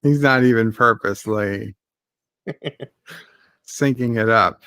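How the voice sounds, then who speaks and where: A man's voice: on the low side, takes it slowly, sharp tone, slight background noise. A man hosting a live movie watch-along stream, chatting casually and reading viewer messages aloud while still getting over an illness. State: recovering from illness.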